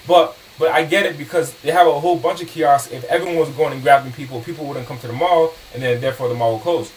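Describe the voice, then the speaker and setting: A man giving a lively storytelling talk to an audience, acting out sales conversations with customers. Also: a little high, quick pace, few pauses, recorded from a distance, slight background noise, poor audio. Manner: animated, acts out customer dialogue. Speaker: motivational speaker.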